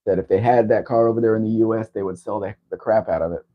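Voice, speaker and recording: Man, livestream host, casual rambling chat, lowish voice, muffled lo-fi sound. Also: steady tone, quick pace. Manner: rambling, chatty. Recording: dull lo-fi stream audio.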